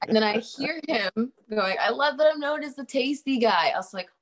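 An animated young woman tells a story in casual chat, her pitch swinging widely. She laughs often, fills her talk with "like" and swears freely. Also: moderate pace. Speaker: guest telling a story.

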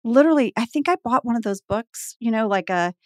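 A woman's voice: a little high, brisk, no echo, clean studio sound. A woman in her forties from Texas, guesting on a podcast and telling a story in casual chat, acting out the voices she quotes. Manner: animated, acts out quoted voices.

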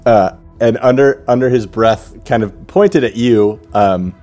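A man's voice: mid-range voice, measured pace, dark tone, soft background music. A man narrating a tabletop game as game master, casual, with many fillers. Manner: casual, full of likes and ums, laughs often.

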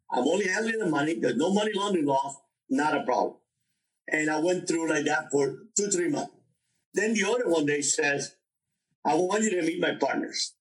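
An older man, in his sixties, guests on a podcast and recounts his past in a lively storytelling manner, slipping into the voices of the people he quotes. His voice sits somewhat high for a man. He is picked up from a little distance off the microphone. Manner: animated, acts out dialogue from his story. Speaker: interview guest.

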